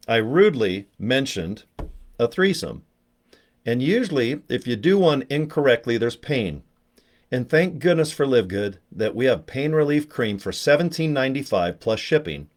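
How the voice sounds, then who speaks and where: A man hosting a casual live stream, rambling and joking with viewers in the chat and poking fun at himself. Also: mid-range voice. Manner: joking, rambling, self-mocking; talks to viewers in the chat by name. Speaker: livestream host promoting products.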